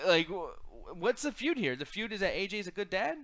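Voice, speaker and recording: Profane ranting man, fairly high voice. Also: big pitch swings, moderate pace, a bit bright, no room sound. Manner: profane, rant-driven, drops into mocking impressions. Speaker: co-host. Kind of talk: casual wrestling chat.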